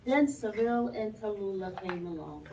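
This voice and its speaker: A woman librarian reading a picture book aloud to small children in an animated, sing-song way, recorded in a library. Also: mid-range voice, normal speed. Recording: distant, dull lo-fi sound.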